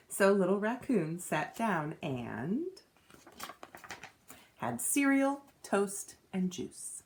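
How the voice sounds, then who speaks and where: Woman, teacher, storybook read-aloud, expressive, slow, sing-song. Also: mid-range voice.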